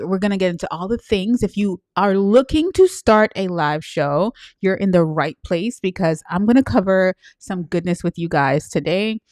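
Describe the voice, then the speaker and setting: A woman's voice: mid-range voice, darkish tone, no echo, clean studio sound. A woman hosting a live stream, chatting with viewers and greeting them by name with sing-song hellos and frequent laughs. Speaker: livestream host and coach. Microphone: live-stream setup.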